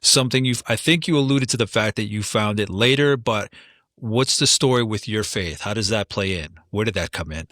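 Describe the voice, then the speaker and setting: A man's voice: lowish voice, moderate pace, fairly bright tone, no echo, clean studio sound. A man hosting a podcast, putting friendly questions to his guest and reworking them as he goes. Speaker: podcast host. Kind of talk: interview questions.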